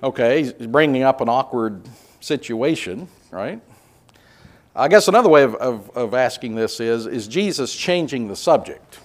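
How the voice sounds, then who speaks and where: A man teaching a conversational Bible class, relaxed and hesitant with many filler sounds, putting questions to the group. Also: medium pitch, moderate pace. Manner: asks the group questions and reads scripture aloud.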